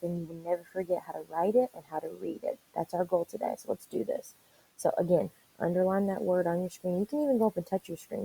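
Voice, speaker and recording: A woman teacher leading an online reading lesson for young children, spelling words out slowly and encouraging them. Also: on the low side, vocal fry, dark tone, slightly rough, poor audio. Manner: encouraging, slow and deliberate spelling aloud.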